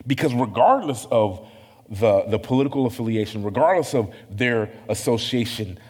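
A man preaching a sermon in a casual, conversational way, with self-deprecating, animated asides. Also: mid-range voice, normal speed, breathy edge, long reverb tail. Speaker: pastor.

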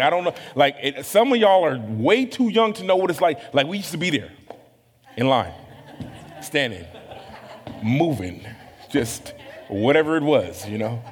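A man preaching a sermon in a casual, conversational way, with self-deprecating, animated asides. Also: fairly high pitch, normal speed, in a large hall. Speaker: pastor.

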